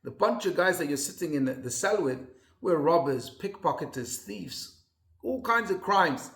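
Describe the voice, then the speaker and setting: A man's voice: on the high side, lively intonation, normal speed, gravelly, fairly bright tone, roomy sound. A man playing a sly male prison ringleader who explains a trick in a confiding, matter-of-fact way.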